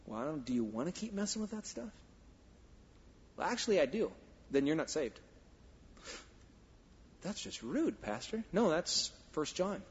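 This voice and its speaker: A man's voice: on the high side, big pitch swings, normal speed. Emphatic preaching man in a reverberant church. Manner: emphatic preaching, swings from quiet to loud. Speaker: pastor. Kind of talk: sermon. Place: church sanctuary. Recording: dull sound with long hall reverb.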